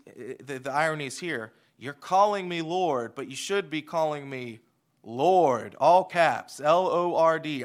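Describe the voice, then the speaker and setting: A man in his thirties preaching a sermon, switching from hushed asides to loud, emphatic lines. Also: medium pitch. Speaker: pastor.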